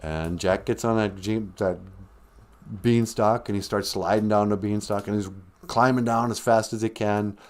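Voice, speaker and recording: A podcast host with a slightly mellow voice on the low side tells a comic fairy tale at normal speed, keeping his intonation fairly even. The telling is rambling and jokey, and he laughs at his own story.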